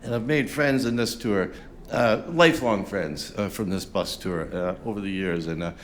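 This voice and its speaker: A man's voice: lowish voice, normal speed. A man chatting between songs at a folk concert, rambling and self-deprecating with lots of fillers, on a stage microphone. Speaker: folk singer-songwriter. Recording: live concert with faint music behind.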